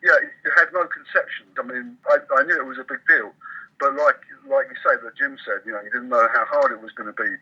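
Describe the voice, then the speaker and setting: A middle-aged man talks through an interview in an easy, self-deprecating way, often restarting his sentences. His voice is very bright and husky. The recording is muffled and lo-fi. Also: mid-range voice, fairly quick. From England. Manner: chatty, self-deprecating, frequent restarts and laughs. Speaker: professional poker player guest. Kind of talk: casual interview chat.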